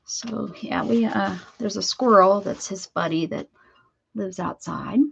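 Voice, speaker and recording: A woman's voice: medium pitch, unhurried, vocal fry, fairly bright tone, lo-fi sound, slight background noise. A woman hosting a casual crafting livestream from home, chatty and laughing, who coos baby talk to her dog between crafting tips. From Pennsylvania, USA. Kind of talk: casual live-stream chat while crafting.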